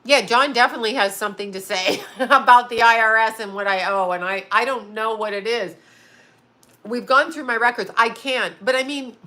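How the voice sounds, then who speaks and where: A woman's voice: on the high side, pushed and bright. A woman in her fifties, a psychic who hosts her own channel, talking casually and bluntly with lots of swearing and laughter. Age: 50s. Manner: blunt and profane, laughing often. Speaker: psychic medium and astrologer. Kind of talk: casual livestream chat.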